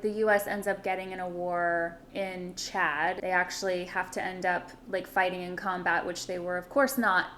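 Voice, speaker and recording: A woman's voice: on the low side, little pitch movement, normal speed, hardly any pauses, a bit bright, slight background noise. A woman co-hosting a casual podcast, chatty and playful with lots of fillers. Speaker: podcast co-host. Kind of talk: casual chat.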